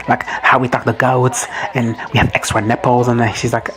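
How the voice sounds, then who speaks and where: A man giving a casual recap and reaction to a show. He rambles excitably, swears freely and drops into quick quoted asides. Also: medium pitch. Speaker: reaction video host.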